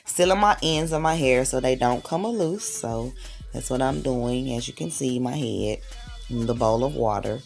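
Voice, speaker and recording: A woman's voice: extremely low pitch, normal speed, creaky, darkish tone, soft background music. A woman, a mother filming a casual hair-braiding tutorial at home and cheering herself on as she works. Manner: chatty and self-encouraging, hyping herself up. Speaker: hair vlogger, mother of six.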